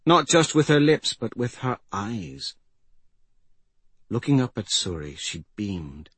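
A man narrating a fantasy story in a measured, grave manner. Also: mid-range voice, big pitch swings, vocal fry, breathy edge, dry recording. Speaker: audiobook narrator.

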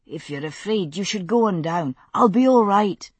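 A woman reading a storybook voices a tense man who reassures a frightened friend, lowering and roughening her voice. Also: animated, normal speed, no room sound. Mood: reassuring.

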